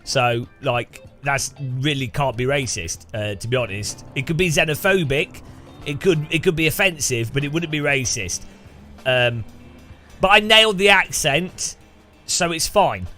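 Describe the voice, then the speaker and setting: A man's voice: medium pitch, unhurried, pushed and bright, soft background music. A man streaming a racing game, chatting casually to viewers in a rambling, self-mocking way with frequent chuckles. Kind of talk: casual live gameplay commentary.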